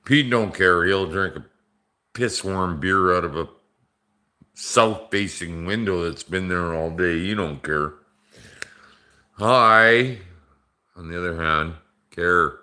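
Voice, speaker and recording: A man's voice: sits low, takes it slowly, pauses often, bright, forceful tone. A middle-aged man, a bit drunk, rambling and joking off-color with viewers on a casual livestream. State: tipsy from drinking. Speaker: livestream host.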